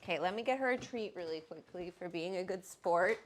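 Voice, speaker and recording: A woman's voice: lowish voice, fairly quick, a little hiss or hum. A woman hosting a casual livestream, chatty and rambling as she greets viewers by name. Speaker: host.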